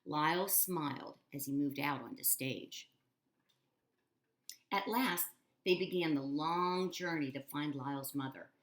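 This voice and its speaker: A woman's voice: low-pitched, unhurried. A woman reading a children's book aloud expressively, adding casual asides to her listeners. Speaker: storyteller.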